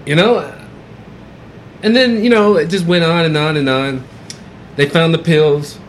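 Man, storyteller, profane and animated, a bit high-pitched, faint room hum. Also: a little slow, long pauses. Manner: profane animated storytelling, acting out quotes loudly. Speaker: podcast co-host. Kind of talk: storytelling on a podcast.

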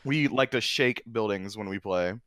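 A man on a casual podcast spins a lively gaming story, his voice getting louder and more excited as the tale builds. His tone is smooth and resonant, and it sits close to the mic in a dry room with no echo. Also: fairly low pitch, moderate pace. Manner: excitable, animated storyteller who drifts into shouting. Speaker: guest, former console champion.

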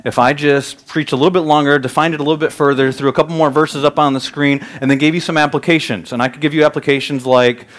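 A man in his thirties preaching a sermon as pastor, telling lively stories that climb loud and high. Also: fast, hardly any pauses. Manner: animated storytelling, rising loud and high in anecdotes. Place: church sanctuary.

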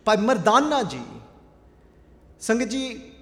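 A man's voice: very high-pitched, sing-song, slow pace, a bit bright. A man giving a conversational sermon, telling stories and quizzing his audience with questions. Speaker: preacher. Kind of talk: sermon with storytelling. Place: large hall with a live audience. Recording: echoey hall with long reverb.

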